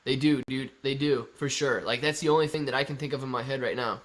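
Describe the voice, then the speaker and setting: A man's voice: medium pitch, steady tone, quick pace. A man hosting a casual live stream, chatting and joking as he reads viewer comments aloud.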